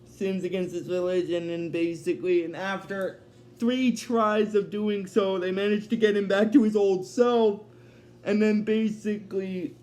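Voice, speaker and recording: A man retelling a cartoon episode in a loose, unscripted way, full of "uh", "um" and restarts. His voice sits high for a man. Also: steady tone, darkish tone. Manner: halting, filler-heavy retelling. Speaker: episode recapper. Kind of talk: casual episode recap.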